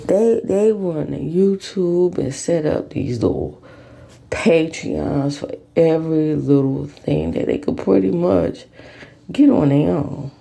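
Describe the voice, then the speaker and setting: A woman ranting bluntly and profanely as a YouTube commentator at home, dropping to low mutters and jumping to sharp high bursts. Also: slow, gravelly.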